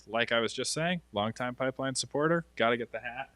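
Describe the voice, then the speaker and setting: A man co-hosting a casual livestream chat, upbeat and quick to laugh, often restarting his sentences. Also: mid-range voice, fairly bright tone, no echo. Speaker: stream co-host.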